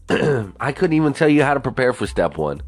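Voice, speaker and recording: A man's voice: medium pitch, normal speed, soft background music. A young man hosting a podcast, ranting casually with lots of swearing and rambling asides. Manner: profane, rambling, animated. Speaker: podcast host. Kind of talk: casual solo podcast rant.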